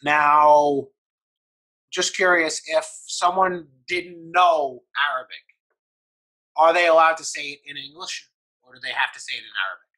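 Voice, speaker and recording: A man's voice: fairly high pitch, lively intonation, measured pace, sharp tone, rough recording. A man hosting an interview, asking short, curious questions. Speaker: interviewer and host.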